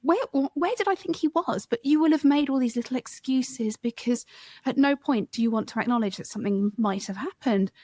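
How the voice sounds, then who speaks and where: A woman hosting a podcast, reflecting on what her guest says and drawing her out gently. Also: high-pitched, fairly quick, no echo. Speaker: podcast host. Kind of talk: empathetic interview.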